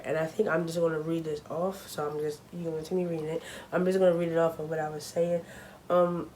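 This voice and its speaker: A woman's voice: on the low side, mellow, a little hiss or hum, poor audio. A young woman talking casually to her camera at home, chatty and full of fillers, openly nervous. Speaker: vlogger.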